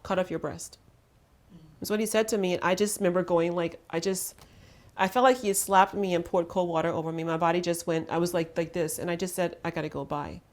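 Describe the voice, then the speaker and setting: Earnest low-voiced woman host. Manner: earnest, emphatic storytelling. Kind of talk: intimate conversation.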